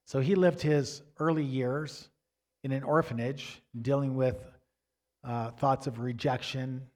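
A man's voice: medium pitch, fairly even intonation, a little slow, a little mellow. Man preaching a personal story. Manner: personal storytelling, conversational with many restarts and asides to the congregation. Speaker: pastor. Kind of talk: sermon.

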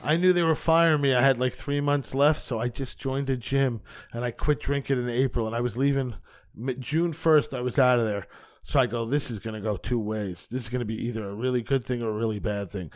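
A man's voice: mid-range voice, a little fast. A man who does stand-up comedy, a guest on a podcast, telling a personal story bluntly and acting out both sides of a conversation.

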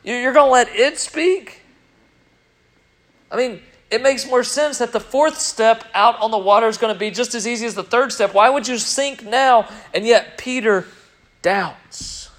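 High-voiced man preaching with animated swings. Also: measured pace. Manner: animated, swinging between loud emphasis and quiet reflection. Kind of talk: sermon.

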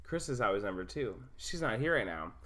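A woman's voice: extremely low pitch, big pitch swings, fairly quick, fairly bright tone. A woman co-hosting a podcast in casual, playful chat, joking and slipping into silly accents. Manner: playful, jokey, slips into silly put-on accents. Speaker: podcast co-host.

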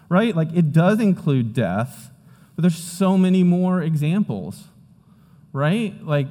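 A young adult man, a pastor, preaching and praying in a relaxed, conversational way, telling stories with lively acted-out moments. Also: on the high side. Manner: conversational storytelling preacher, animated retellings. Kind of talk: sermon. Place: church hall. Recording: long hall reverb.

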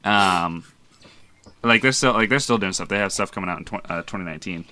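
A man's voice: sits low, a little fast, bright, forceful tone, dry recording. A young man co-hosting a movie podcast, rambling casually and swearing, with lots of restarts. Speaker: podcast co-host. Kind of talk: casual chat.

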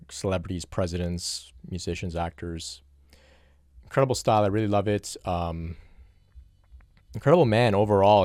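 A man's voice: sits low, darkish tone, no echo, clean studio sound. A man answering viewer questions on spirituality in a reflective, conversational solo talk, often restarting his sentences. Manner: reflective, conversational, frequent restarts and "you know".

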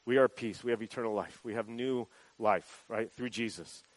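A man's voice: medium pitch, normal speed, no room sound, low-quality recording. A man preaching a sermon as pastor, in a conversational way that keeps checking in with the listeners. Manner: conversational, often adds "right?" as a check-in.

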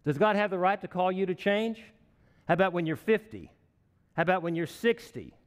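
A man's voice: high-pitched, lively intonation, brisk, long reverb tail. A man in his sixties preaching a sermon in a conversational, storytelling way, with chuckling asides. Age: 60s.

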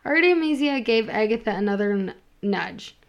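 A woman's voice: mid-range voice, expressive, normal speed. A woman reading a romance story aloud, amused, with small slips and restarts as she goes. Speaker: story reader and co-host.

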